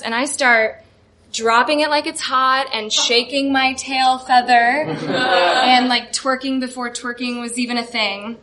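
A woman's voice: sits high, fairly even intonation, measured pace, crowd noise, background noise. A young woman telling a self-deprecating personal story on stage, chatty and full of "like".

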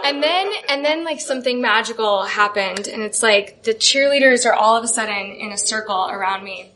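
A woman's voice: fairly high pitch, normal speed, a crowd in the background. A young woman telling a self-deprecating personal story on stage, chatty and full of "like".

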